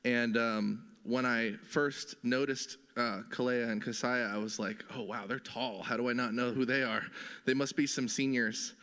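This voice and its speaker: A young man giving a measured memorial speech, pausing often with "um". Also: medium pitch, a bit bright, clean tone. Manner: measured, with many pauses and "um"s. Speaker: memorial speaker. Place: large theater. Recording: long reverb of a large hall.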